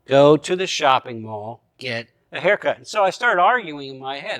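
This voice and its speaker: A middle-aged man preaching a sermon, telling a personal story with lively storytelling and acting out his own thoughts. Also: a little high, moderate pace, hardly any pauses, dry recording, clean studio sound. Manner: animated storyteller who acts out his own thoughts, chuckling at times. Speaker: pastor.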